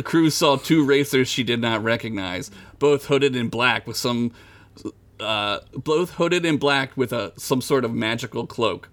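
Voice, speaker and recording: A man's voice: medium pitch, a bit bright. A man hosting a podcast, narrating a comedic story in a joking, irreverent way. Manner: joking, irreverent, laughs at his own lines.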